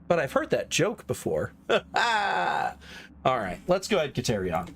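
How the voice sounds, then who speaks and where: A man's voice: medium pitch, very animated, unhurried, creaky, fairly bright tone, a little hiss or hum. A man from Texas with a Texan accent, chatting and rambling as he streams a game. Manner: chatty, rambling, self-correcting. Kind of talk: casual live-stream chat.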